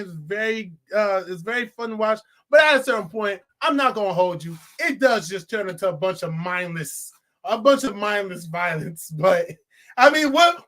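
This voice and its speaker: Young man, high voice, casual film review vlog, excitable, profane, laughs a lot. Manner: animated, swearing, laughing often.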